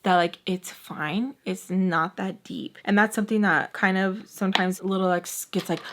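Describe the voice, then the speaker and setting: Young adult woman, storytime vlog, chatty, lots of "like", medium pitch. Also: fairly even intonation, normal speed, a bit bright. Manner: chatty, heavy use of "like", retells scenes with quoted voices. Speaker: vlogger. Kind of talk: casual storytime.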